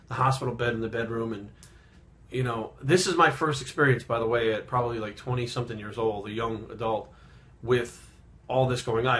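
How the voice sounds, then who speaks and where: A man in his thirties, a fitness vlogger, telling a personal story in a rambling, halting way, subdued and reflective, with frequent swearing. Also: mid-range voice, a bit bright.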